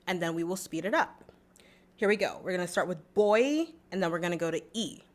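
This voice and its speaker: A woman's voice: lowish voice, expressive, fairly quick. A young adult woman vocal coach teaching a singing lesson in a chatty, encouraging way, breaking into short sung demo notes.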